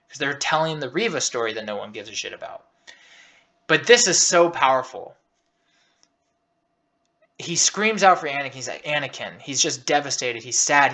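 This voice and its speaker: Bright-voiced man gushing over clips. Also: mid-range voice. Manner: enthusiastic, emotional, rambling with restarts. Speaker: host reviewing a show scene by scene. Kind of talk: casual commentary over clips.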